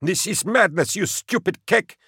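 A man's voice: high-pitched, lively intonation, unhurried, vocal fry, bright, forceful tone, husky, no room sound, clean studio sound, voice pushed up, exaggerated voice. A man voicing a panicking male convoy driver who bellows frantic insults. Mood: panicked shouting.

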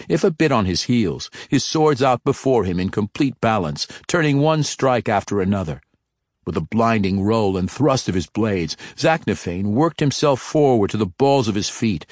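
A man narrating a fantasy audiobook in an even, measured way. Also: on the low side, no echo, clean studio sound.

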